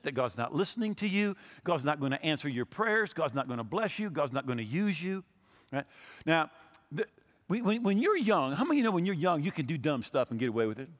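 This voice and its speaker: Older guy in his 60s preaching, high animated voice, tells stories, stumbles and repeats himself, church echo. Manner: storytelling preacher, repeats words, acts out quotes. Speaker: pastor. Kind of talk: sermon.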